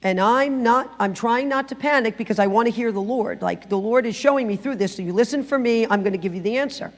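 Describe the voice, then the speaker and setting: Animated woman testifying in a reverberant church. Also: fairly high pitch, fast. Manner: animated storytelling, acting out quotes. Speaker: guest speaker giving testimony. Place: church sanctuary.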